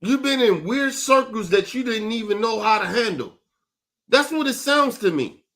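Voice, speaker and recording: A man's voice: very high voice, very animated, moderate pace, fairly bright tone. A man hosting an online talk show, giving blunt, profane commentary and often asking "right?". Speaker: show host. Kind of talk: casual commentary.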